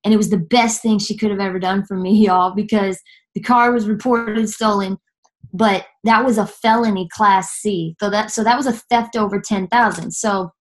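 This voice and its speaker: Her medium-pitched delivery stays fairly even as this earnest young Nashville woman gives her personal testimony, pausing, restarting, and leaning on fillers throughout.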